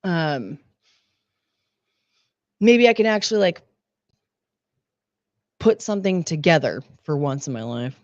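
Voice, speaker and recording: A woman with a hoarse, sick voice, hosting a stream in casual, halting, rambling chat that pokes fun at herself. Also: low-pitched, animated, no room sound, lo-fi sound. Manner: rambling, halting, self-deprecating. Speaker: streamer host.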